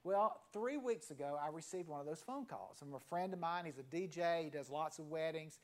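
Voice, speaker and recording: With a fairly high pitch, a pastor in his 50s delivers his sermon conversationally and at ease. A story comes first, then pauses as the close of each key phrase fades to a hushed near-whisper.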